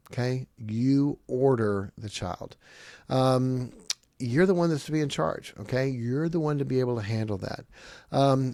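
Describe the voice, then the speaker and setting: A man's voice: mid-range voice, no echo, clean studio sound. A middle-aged man who grew up on a farm, giving emphatic, repetitive family advice in a preaching style as a podcast host. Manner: emphatic, repetitive, lively with short punchy phrases.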